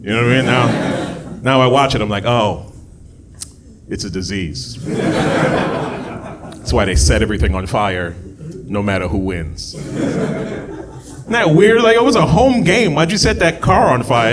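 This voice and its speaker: A man doing a stand-up comedy set on a club stage, jumping from low muttered asides to loud, high shouted bits. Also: big pitch swings, moderate pace, long pauses, crowd noise. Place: comedy club stage before a live audience. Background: audience laughter.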